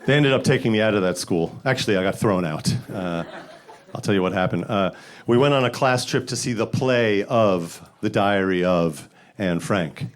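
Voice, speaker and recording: A man from the Bronx doing a stand-up set, deadpan setups that jump to loud high voices for punchlines. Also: moderate pace. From the Bronx, New York. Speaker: stand-up comedian. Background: audience laughter.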